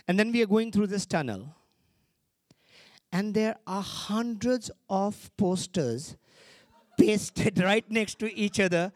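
Animated male preacher with lively pitch. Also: measured pace, no echo, clean studio sound. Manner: animated, repeats phrases, exclaims hallelujah. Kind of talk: sermon.

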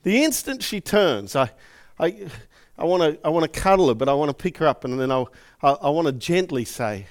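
A man's voice: a little high, brisk, few pauses. A middle-aged man preaching a sermon, telling personal stories with emotion and acting out quotes. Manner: emotive, animated storytelling with acted quotes. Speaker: pastor.

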